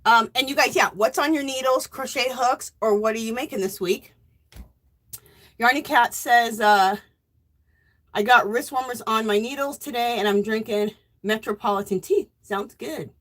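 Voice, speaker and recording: A woman hosting a casual crafting live stream, warmly greeting viewers by name and reading their chat messages aloud. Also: a little high, normal speed. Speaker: livestream host.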